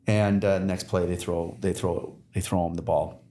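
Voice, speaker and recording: A man with a somewhat low voice tells stories as a podcast guest, halting often and restarting his sentences. The recording has a roomy, echoing sound. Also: little pitch movement, dark tone. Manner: rambling storyteller with many fillers and restarts. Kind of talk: casual conversation. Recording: roomy echo.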